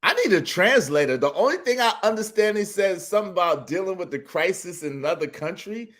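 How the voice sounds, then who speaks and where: A man's voice: sits high, animated, a little fast, fairly bright tone. A man hosting a comedic reaction show, laughing and asking the same incredulous questions again and again. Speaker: host reacting to clips.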